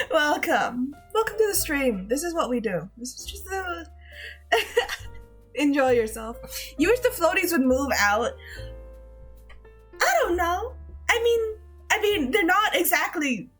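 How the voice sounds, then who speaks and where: A woman's voice: high voice, very animated, slow, long pauses, fairly bright tone, soft background music. A woman streamer chatting casually with her chat, laughing often.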